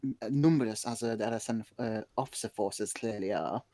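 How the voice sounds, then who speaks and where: A man's voice: fairly low pitch, fairly quick, mellow, no room sound. A man playing a tabletop game, speaking earnestly with stammers and restarts. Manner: stammering, earnest in-character speech. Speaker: player.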